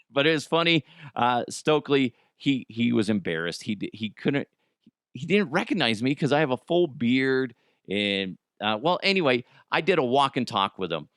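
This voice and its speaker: A man with a Cajun accent hosts his podcast in a loose comedic monologue. His pitch swings widely as he jumps between shouted bits and muttered asides. The sound is dry and close. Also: moderate pace, no echo. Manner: animated, swings between loud outbursts and mumbled asides. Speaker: podcast host.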